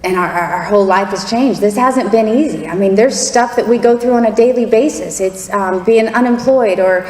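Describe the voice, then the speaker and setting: A woman's voice: mid-range voice, normal speed, few pauses, a little mellow. Fervent woman in an echoey hall. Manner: candid, laughing, fervent. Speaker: testimony speaker. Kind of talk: personal testimony talk. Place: large hall before an audience. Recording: echoey hall with faint crowd and noise.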